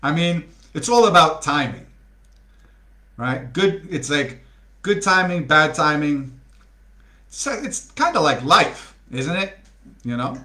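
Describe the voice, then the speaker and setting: A man reads a storybook aloud slowly, his bright voice rising and falling in lively swings. He stops now and then for chatty asides to his listeners. The room around him is echoey. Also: a little high. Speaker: storybook reader.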